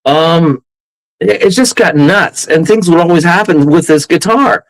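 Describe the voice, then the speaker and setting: Excitable rambling man, fairly high voice. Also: measured pace, low-quality recording. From Canada. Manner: rambling, excitable, laughs often. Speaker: guest. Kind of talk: casual storytelling in an interview.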